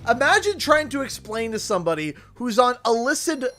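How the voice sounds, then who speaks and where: Bright-voiced Canadian man telling stories. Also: very high-pitched, fairly quick, faint music behind. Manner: animated, acts out the people in his stories. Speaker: streamer. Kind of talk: casual livestream storytelling.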